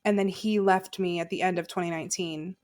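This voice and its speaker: A woman's voice: lowish voice, steady tone, a little fast, darkish tone. A woman guest on a podcast, candidly telling a personal story in casual, chatty talk full of "like". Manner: chatty and candid, sprinkled with "like" and laughter.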